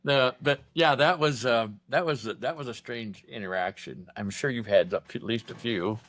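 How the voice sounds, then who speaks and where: A man's voice: medium pitch, moderate pace. A man co-hosting a podcast, telling prison stories in casual chat and acting out the people in them. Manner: animated storyteller acting out voices. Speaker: podcast co-host.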